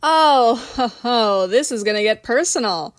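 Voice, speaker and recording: A woman voicing a soft-hearted, easily moved woman. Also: a little high, animated, a little slow, dry recording, studio quality. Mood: emotional.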